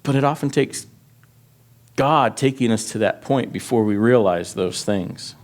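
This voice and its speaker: In an unhurried, mid-range male voice, a pastor works through scripture in an expository sermon. He reads passages aloud with building intensity as he gives voice to the laments, then addresses the congregation in plain terms.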